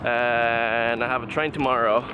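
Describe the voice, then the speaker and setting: A man's voice: mid-range voice, steady tone, unhurried, noisy background. A man vlogging his travels, chatting casually into a handheld camera and laughing often. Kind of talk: casual vlog chat. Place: bar, then city street at night.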